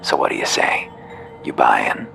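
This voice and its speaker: A man voicing a pushy, fast-talking mushroom merchant who drawls in folksy slang. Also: sharp tone, in a whisper, soft background music, lightly acted. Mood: pitching.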